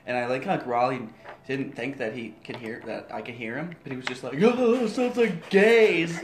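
A man's voice: medium pitch, steady tone, brisk, slight background noise. A man co-hosting a podcast in casual chat, rowdy, swearing and laughing a lot. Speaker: podcast co-host. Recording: echoey room.

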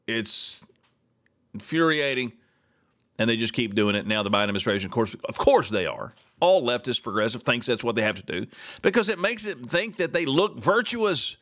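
A man's voice: medium pitch, sing-song, normal speed, a bit bright. A middle-aged man hosting a solo talk show, ranting with sarcastic indignation.

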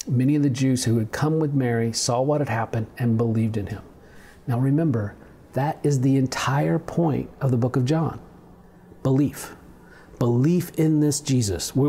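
A man's voice: medium pitch, warm tone, a little hiss or hum. A male pastor giving a conversational sermon on video, reading scripture and adding humorous asides.

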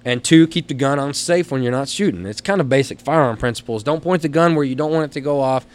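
A Texan man telling stories as a guest on a studio podcast, animated and blunt, laughing through his tales and cursing casually. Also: mid-range voice, fast. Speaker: guest, helicopter hunting outfitter.

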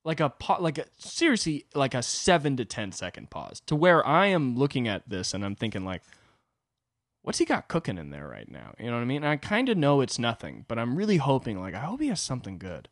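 Animated, rambling young man hosting a podcast. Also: mid-range voice, quick pace, hardly any pauses, no echo, studio quality. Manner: animated, profane, rambling asides. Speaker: podcast host. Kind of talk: comedic storytelling monologue.

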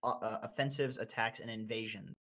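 Young North American man, casual co-host, profane and animated, prone to sudden pitch spikes. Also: fairly quick. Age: 20s. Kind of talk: casual chat.

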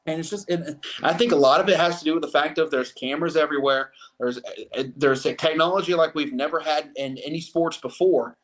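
Male co-host, casual sports chat, loose and rambling, slightly raised pitch. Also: brisk. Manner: rambling, many restarts and fillers.

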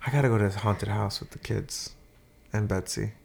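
A woman with an extremely low voice and a heavy gravelly rasp, co-hosting a podcast. She talks in a loose, easygoing way and keeps slipping in dry jokes and teasing asides. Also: steady tone, normal speed, a little mellow. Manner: joking, playful, laid-back. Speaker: podcast co-host. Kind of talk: casual chat.

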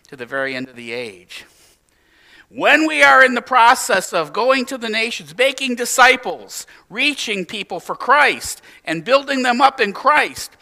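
A man preaching a sermon as pastor, swinging from emphatic, raised exclamations to quiet, hushed lines. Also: very high-pitched, moderate pace, vocal fry. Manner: animated preaching with emphatic rises and hushed drops.

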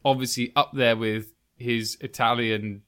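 A man's voice: mid-range voice, fairly even intonation, measured pace, a bit bright, smooth. Male co-host, enthusiastic and giggly film chat. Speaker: podcast co-host. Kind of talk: casual film review chat.

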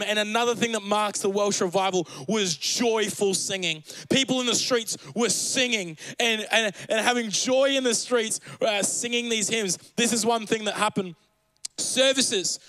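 A young pastor preaches with a high, light voice, earnest and rising to fervent urgency. The sound is close and dry, with no room around him. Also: male voice, a bit bright, no room sound, low-quality recording. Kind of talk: sermon.

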